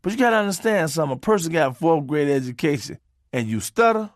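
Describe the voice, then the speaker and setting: A man narrating a comic memoir in a profane, preachy way, swinging his pitch for emphasis. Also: expressive, racing, no echo, clean studio sound.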